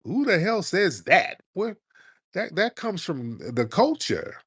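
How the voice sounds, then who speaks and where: A man's voice: sits high, very animated, takes it slowly, fairly bright tone, husky, no echo, studio quality. A man hosting a live call-in show, giving blunt, combative political commentary in slangy speech. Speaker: host.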